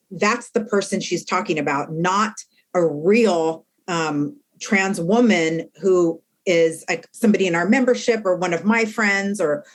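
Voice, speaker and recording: A woman speaking in a conversational interview as a re-entry activist, blunt and animated, acting out what others said. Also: fairly low pitch. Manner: blunt, animated storyteller who acts out quotes. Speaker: guest, formerly incarcerated re-entry activist.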